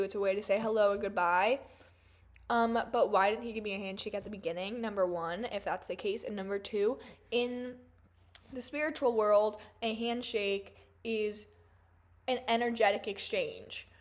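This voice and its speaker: A woman in her twenties telling a story in a casual, profane rant, full of "like" and "um" fillers. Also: fairly high pitch. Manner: chatty, profane, animated, lots of "like" fillers. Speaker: vlogger.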